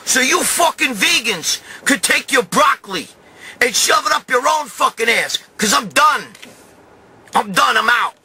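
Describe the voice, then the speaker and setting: Male host, high bright voice, foul-mouthed shouting rant to camera. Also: expressive, a little slow. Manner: loud, swearing, bursts of shouting. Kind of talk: profane comic rant to camera.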